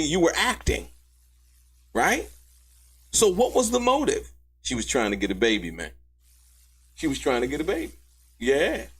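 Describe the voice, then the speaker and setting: A man hosts a commentary stream and talks over courtroom testimony in an emphatic, slangy way, calling out to his viewers. His voice sits a bit high for a man. A faint hum runs underneath. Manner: animated, emphatic and slangy, calls out to viewers by name. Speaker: host and commentator. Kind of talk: commentary on trial testimony to a live audience.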